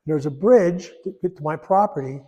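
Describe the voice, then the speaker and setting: A man in his eighties giving a personal testimony in church, rambling and folksy, pausing when emotional. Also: a little high, dark tone, highs cut off. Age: 80s. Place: church sanctuary. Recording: echoey church hall.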